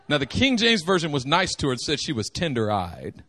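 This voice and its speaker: A man preaching a sermon, animated and joking, acting out the quotes. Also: a little high, a little fast, few pauses. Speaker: pastor.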